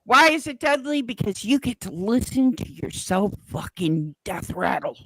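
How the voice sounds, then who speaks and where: With a medium pitch and moderate pace, a woman streamer chats casually to her audience, relating stories in an animated, blunt, profane way. No echo is present.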